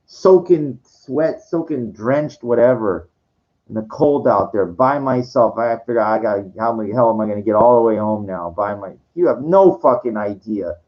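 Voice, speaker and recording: A man's voice: on the low side, moderate pace. Stammering, exasperated man in his forties. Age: 40s. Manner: repetitive, stammering restarts, profane and exasperated. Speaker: monologue speaker. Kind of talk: rambling personal rant. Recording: dull lo-fi audio.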